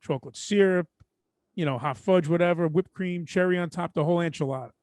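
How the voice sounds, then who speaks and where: A middle-aged man with a New York accent tells a story on a podcast, animated and chatty. His voice sits a little high. The sound is dry and close to the mic. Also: brisk, dry recording. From Brooklyn, New York. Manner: animated storyteller, mimics people in quotes. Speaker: podcast co-host. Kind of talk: casual storytelling chat.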